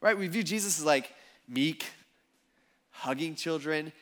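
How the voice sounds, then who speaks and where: A male pastor preaching a conversational sermon to a church congregation, telling the story in a casual, animated way with lots of fillers. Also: on the high side, a little slow. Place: church service before a congregation.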